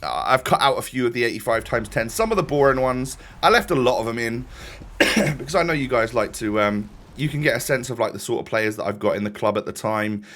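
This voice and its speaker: A man's voice: mid-range voice, lively intonation, fairly quick, fairly bright tone. Chatty man rambling over gameplay. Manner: rambling, chatty, self-interrupting. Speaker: gaming YouTuber. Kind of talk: casual gameplay commentary.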